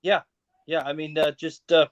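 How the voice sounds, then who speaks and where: A man's voice: a little high, little pitch movement, moderate pace. Man chatting bluntly, muffled sound. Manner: laughs easily, blunt opinions. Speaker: comedian guest. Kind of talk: casual chat.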